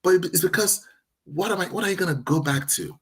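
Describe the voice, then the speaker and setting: A man's voice: sits high, fast talker, slight background noise. A man from Nigeria, a podcast guest, talking earnestly in a casual interview and restarting his sentences as he thinks aloud.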